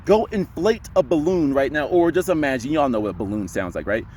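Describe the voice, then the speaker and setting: A young man giving casual voice advice to camera, emphatic and full of rhetorical questions, sometimes dropping into a deep voice to demonstrate. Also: animated, brisk, a little mellow, a little hiss or hum. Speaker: voice coach vlogger.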